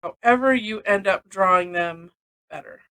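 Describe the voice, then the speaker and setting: A woman's voice: mid-range voice, moderate pace, sharp tone, low-quality recording. A woman from Missouri teaching a live-streamed drawing lesson, chatty and rambling, often laughing between steps.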